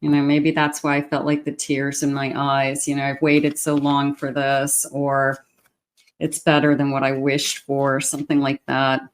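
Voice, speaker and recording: A woman giving a love tarot reading, speaking straight to the viewer in an encouraging way with frequent pauses and fillers. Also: rumbling low, completely flat delivery. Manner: warm, encouraging, talks directly to the viewer with many fillers. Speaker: tarot reader.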